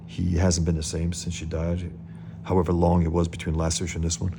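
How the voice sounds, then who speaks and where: A man's voice: deep voice, completely flat delivery, fairly quick, creaky, noisy background. A man who is a comic artist, casually talking through comic pages, hesitant, with many fillers and restarts.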